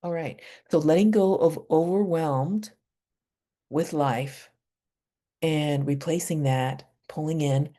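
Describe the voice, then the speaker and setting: A woman leading a guided energy healing session over a video call, speaking slow affirmations softly and asking questions aloud as she works through a chart. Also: lowish voice. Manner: calm, slow affirmations with soft whispered repeats; asks herself questions aloud while dowsing a chart.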